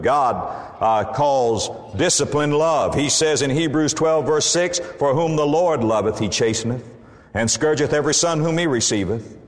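A man preaching a sermon, animated and emphatic, quoting scripture. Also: medium pitch, in a large hall.

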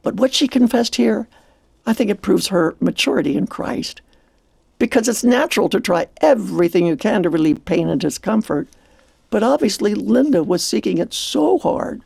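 Gravelly, husky devotional speaker. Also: mid-range voice, lively intonation, normal speed, a little mellow, dry recording. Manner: reflective, preacherly storytelling. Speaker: radio program presenter. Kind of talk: scripted devotional talk.

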